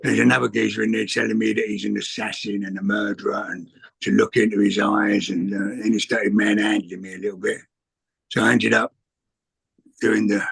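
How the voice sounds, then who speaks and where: A man's voice: on the low side, creaky, breathy edge. A man, telling rambling, cheeky anecdotes in a casual chat, acting out what people said. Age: 60s. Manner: rambling anecdotes with swearing and acted quotes. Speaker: guest answering questions.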